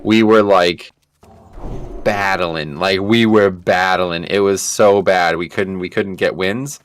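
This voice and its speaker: A man streaming a game, telling a rambling story in an animated, casual way and swearing freely. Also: low voice, takes it slowly.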